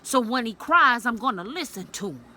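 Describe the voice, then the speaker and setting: Blunt, bright-voiced woman telling her story. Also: on the high side, lively intonation, normal speed. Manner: blunt and profane, swinging between storytelling and preaching to women. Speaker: vlogger sharing a personal story. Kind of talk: candid storytelling vlog.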